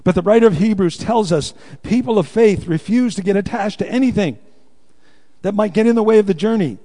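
A male pastor with a somewhat high-pitched voice delivers a sermon to his congregation. He tells stories and asks them questions, drawing them into call-and-response. His voice carries a long, echoing reverb from the church hall. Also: fairly quick, dark tone.

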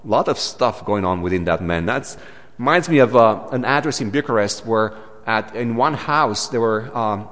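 Animated Romanian-accented male preacher. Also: medium pitch, in a large hall. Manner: animated, emphatic, with frequent restarts and asides. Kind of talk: sermon.

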